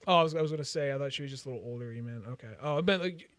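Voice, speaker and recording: A man's voice: mid-range voice, very fast, a bit bright, dry recording. A man co-hosting a podcast, chatting casually in a rambling, hesitant way full of fillers. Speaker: podcast co-host. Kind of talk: casual chat.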